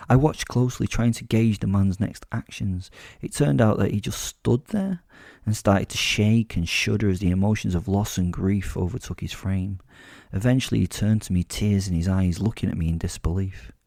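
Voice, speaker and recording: Guy reading dark audio drama, deep low voice, dry close mic. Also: creaky, dry recording. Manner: menacing, deliberate. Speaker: narrator. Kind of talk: first-person audio drama narration.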